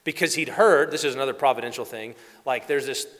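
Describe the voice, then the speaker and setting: Male preacher, animated sermon delivery with acted asides, recorded in a reverberant hall. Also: medium pitch, fast talker. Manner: animated storytelling, acts out quoted voices.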